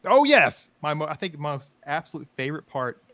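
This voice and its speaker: A man hosting a podcast, telling animated stories in casual chat and acting out quotes. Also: a little high, brisk. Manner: animated, laughing, acts out quotes. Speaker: podcast host.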